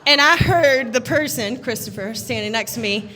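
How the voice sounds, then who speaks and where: A woman giving a funny wedding toast as the groom's sister, animated and laughing as she acts out the voices in her story. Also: fairly high pitch, normal speed, faint music behind. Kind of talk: humorous storytelling speech. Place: wedding reception.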